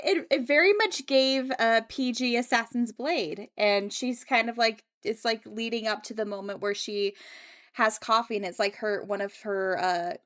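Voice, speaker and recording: Woman, podcast co-host, casual chat, rambling, filler-heavy, animated. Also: mid-range voice. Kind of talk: casual book club chat.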